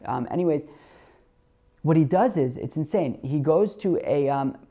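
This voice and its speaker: A man talks through a Talmud passage like a casual study session, reading the original phrases and then translating them. His voice has a gravelly edge, and he stumbles and restarts often. The recording sounds dull and lo-fi. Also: a little high, animated, dark tone. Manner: halting, many fillers and restarts, reads Hebrew and Aramaic then translates. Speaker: podcast host teaching Talmud.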